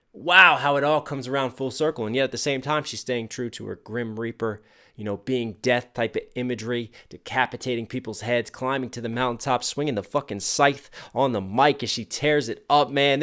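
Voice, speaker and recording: A man's voice: medium pitch, a bit bright. A young adult man, a rapper, giving an enthusiastic casual reaction and picking apart lyrics line by line. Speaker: rapper reacting to a music track.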